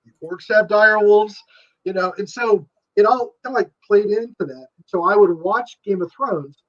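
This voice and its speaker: A man with a fairly high voice rambles through an eager interview answer, full of fillers and sudden jumps in emphasis. The sound is dull and lo-fi. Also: moderate pace. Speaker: guest writer. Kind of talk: enthusiastic casual interview chat.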